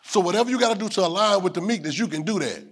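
A male preacher with a high voice that rises and falls as he works the congregation. He repeats his lines for weight and asks if they are hearing him. He builds to loud peaks and then drops back down. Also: expressive, very fast, husky. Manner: call-and-response preaching, rising to shouts. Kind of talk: sermon.

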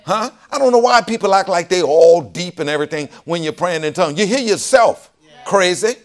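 A man preaching with a lively, swinging voice that sits a little high. He echoes each line read to him. Then he breaks into folksy, joking asides that build in emphasis. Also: brisk. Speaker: pastor. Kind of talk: sermon teaching, repeating a reader's lines.

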